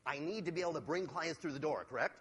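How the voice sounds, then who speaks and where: A sales trainer giving a motivational seminar talk to a live audience, energetic and asking the audience questions. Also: male voice, a little high, quick pace, husky. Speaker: sales trainer and keynote speaker. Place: large hall with a live audience. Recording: long hall reverb.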